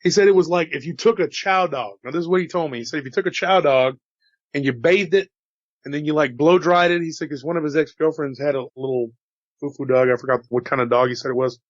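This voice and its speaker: A man recounting a strange encounter in a casual storytelling manner, slightly hoarse after an illness, dropping "you know" and "dude" as he goes. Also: fairly high pitch, quick pace, dry recording, highs cut off. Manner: relaxed, chatty, says "dude" and "you know". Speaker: storyteller relaying witness accounts.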